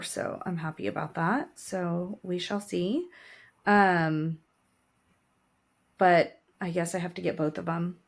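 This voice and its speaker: A woman in her forties co-hosting a podcast, chatting casually and telling stories with laughs and emotion. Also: fairly low pitch. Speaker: podcast co-host. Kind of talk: casual chat.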